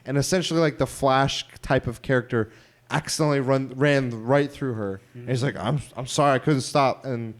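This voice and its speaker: A man's voice: medium pitch, fairly even intonation, normal speed. A man co-hosting a podcast in casual chat, rambling and retelling scenes with quoted voices. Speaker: podcast co-host.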